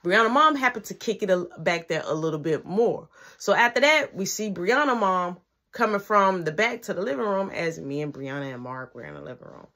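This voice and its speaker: A woman's voice: on the low side, fairly quick. A woman telling a personal story in a casual, slangy way, acting out the dialogue as she goes. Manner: slangy, animated retelling with quoted dialogue.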